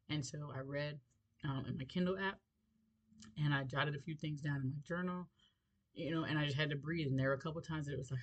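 A middle-aged woman hosting a faith podcast, telling a personal story in an expressive, animated way with light laughs. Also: sits low, fast talker, low-quality recording. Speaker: podcast host.

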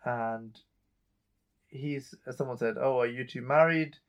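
A man's voice: mid-range voice, takes it slowly. Man casually recapping a TV episode. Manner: retells scenes, reading out character lines in a plain voice. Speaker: podcast co-host recapping an episode.

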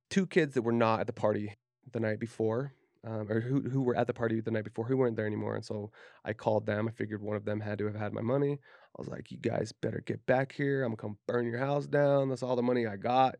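A low, gravelly male voice from Utah, talking as a podcast guest. He is frank and profane, and he acts out the lines he and others said. The sound is close and dry, with no room in it. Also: darkish tone, dry recording. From Utah, USA. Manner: candid, profane, acts out quoted speech. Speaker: podcast guest, tattoo artist. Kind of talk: casual storytelling interview.

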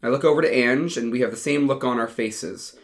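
A man's voice: medium pitch, a little fast. Wry male audiobook narrator. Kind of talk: first-person audiobook narration.

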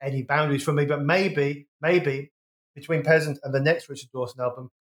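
A man from the West Midlands of England chats on a podcast, thinking aloud and revising his words mid-sentence. His voice sits somewhat high for a man. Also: steady tone, a little fast. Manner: musing, self-correcting. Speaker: podcast co-host. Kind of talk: casual chat.

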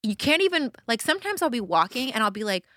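A woman's voice: a little high, fast, no echo, studio quality. A young adult woman co-hosting a podcast, chatting casually and telling a story with lots of acted-out quotes. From Southern California. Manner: animated storyteller, acts out quotes. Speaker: podcast co-host. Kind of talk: casual chat.

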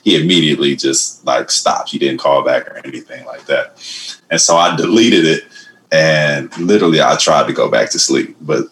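A middle-aged man who is a comedian, telling a story in a casual interview. He mumbles, lets his voice trail off quietly, and jumps higher when quoting himself. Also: moderate pace. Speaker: comedian guest.

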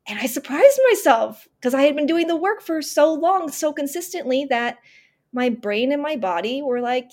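A woman around thirty, sharing a personal story as a podcast guest. Her voice sits somewhat high, and she speaks with earnest emphasis, stumbling into restarts and playing out her own inner dialogue as she goes. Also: expressive, moderate pace. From Northern California. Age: 30s.

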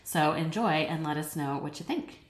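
A woman's voice: sits low, expressive, normal speed, reverberant. A woman co-hosting a podcast, upbeat and teasing in casual chat. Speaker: podcast co-host.

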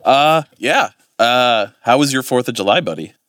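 A man's voice: mid-range voice, lively intonation, moderate pace, a bit bright, dry recording, studio quality. A man, co-hosting a podcast in casual chat, rambling and swearing as he corrects himself. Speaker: podcast co-host.

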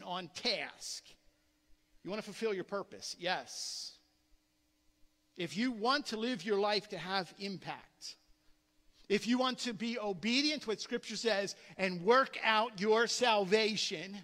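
High, bright-voiced preaching man. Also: unhurried. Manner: animated preaching with frequent word repetitions. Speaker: pastor. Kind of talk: sermon. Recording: long reverb of a large hall.

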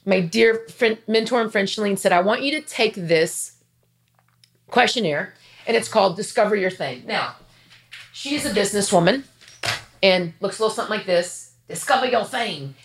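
A woman in her fifties talking earnestly and chattily to her viewers, emotional and near tears, with quick asides. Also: mid-range voice, a little hiss or hum. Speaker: faith vlogger. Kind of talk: heartfelt casual talk to camera.

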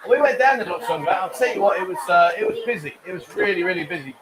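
A man's voice: sits high, lively intonation, rapid-fire, a loud crowd, poor audio. A man hosting a live stream from a bar lounge, chatting casually, reading viewer comments aloud and cracking cheeky jokes. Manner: cheeky, rambling, jokey. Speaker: live-stream show host.

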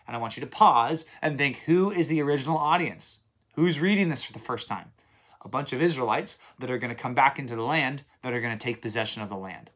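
A man's voice: medium pitch, brisk, a bit bright. A man with a mid-range voice walks listeners through a daily Bible reading in an easy, conversational way. He retells the old stories in everyday words and keeps checking in with his listeners, repeating key points for emphasis. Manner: conversational, retells stories in plain modern speech. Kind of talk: casual daily Bible commentary.

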